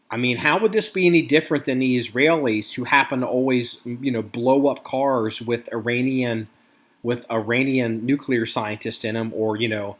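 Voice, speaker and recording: A man's voice: mid-range voice, a bit bright. A middle-aged American man hosting a podcast, ranting in a casual, profane way about current events. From United States. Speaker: podcast host.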